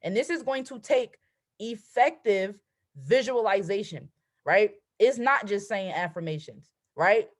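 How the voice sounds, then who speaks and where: A woman in her twenties leads a motivational trading live stream over video call, her mid-range voice unhurried. Still, she talks emphatically and asks "right?" at every turn.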